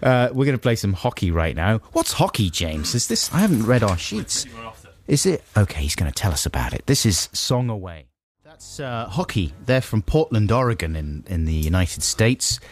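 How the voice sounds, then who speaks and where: A man's voice: lowish voice, sing-song, normal speed. A man, co-hosting a radio show in casual, playful, rambling banter from a studio. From England. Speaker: radio host. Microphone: studio mic.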